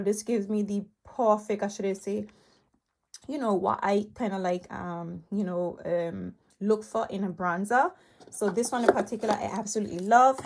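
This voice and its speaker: A woman's voice: mid-range voice, darkish tone. A woman vlogging about her favorite beauty products in a rambling, enthusiastic way, full of fillers, a bit out of breath while recording on a handheld tablet at home. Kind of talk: chatty product review. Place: home room cluttered with makeup. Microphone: tablet held in hand.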